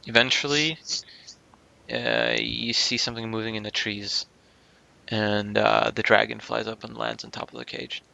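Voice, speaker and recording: A man's voice: lowish voice, fairly even intonation, moderate pace, vocal fry, sharp tone, dull audio. A man narrating a tabletop game as game master, hesitant with many ums and restarts.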